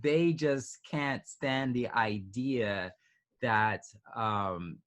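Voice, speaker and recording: A man's voice: mid-range voice, extremely slow, fairly bright tone. A man in his twenties, an interview guest telling a personal story casually, with many restarts and fillers. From United States. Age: 20s.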